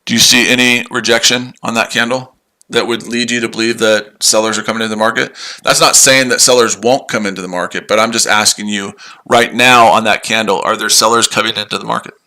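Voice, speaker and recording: A man's voice: fairly low pitch, fairly even intonation, fairly quick, pushed and bright. A tired man hosting a live trading stream, answering chat in a sarcastic, combative way and repeating himself. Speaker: trading livestream host.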